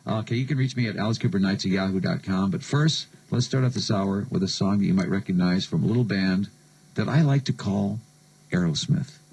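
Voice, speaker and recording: A man's voice: low voice, fairly quick, vocal fry, a little mellow, breathy edge, low-quality recording. A man from the United States hosting a late-night radio show, telling stories and joking sardonically between songs. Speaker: radio DJ host.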